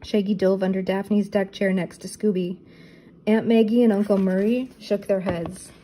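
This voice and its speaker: Woman narrator for a children's chapter book; steady storybook delivery, mellow tone. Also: mid-range voice, moderate pace, low-quality recording. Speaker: storybook reader. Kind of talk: reading a children's book aloud.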